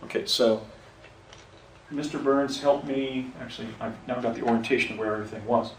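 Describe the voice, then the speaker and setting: Outdoors on location, a man tells an unscripted first-person story, rambling and frequently correcting himself and restarting sentences. His medium-pitched, level voice is brisk; the distant mic gives a roomy echo with faint ambience and slight background noise.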